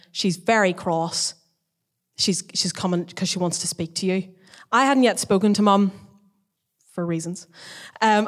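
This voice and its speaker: A young woman, a social worker, telling a story from her work in a chatty way, full of fillers and quoted dialogue. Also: medium pitch. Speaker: student social worker sharing testimony. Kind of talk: casual spoken testimony.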